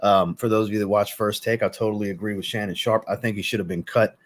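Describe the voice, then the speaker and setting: A man's voice: fairly low pitch, fairly even intonation, fast. A man hosting a fragrance livestream, greeting viewers by name, then ranting bluntly and profanely before apologizing. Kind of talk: casual livestream chat reading viewer comments.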